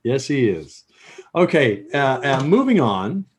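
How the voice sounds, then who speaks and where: A man's voice: medium pitch, sing-song, slow pace. A man hosting a casual history podcast, reading dates and facts, laughing often and tripping over his words. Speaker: podcast host.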